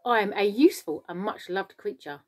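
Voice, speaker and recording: A woman's voice: medium pitch, expressive, a little fast, a little mellow, close to an everyday voice. A woman voicing a prim, touchy male earthworm in a storybook reading. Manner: prim, indignant.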